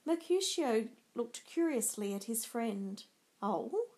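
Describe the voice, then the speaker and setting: Slow, measured woman storyteller. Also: a little high, darkish tone. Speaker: narrator. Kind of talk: storybook narration.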